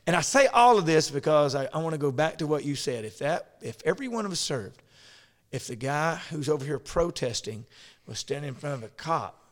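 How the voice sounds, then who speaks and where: A man's voice: a little high, very animated, brisk, in a large hall. A man telling a story in casual conversation, rambling and restarting as he goes.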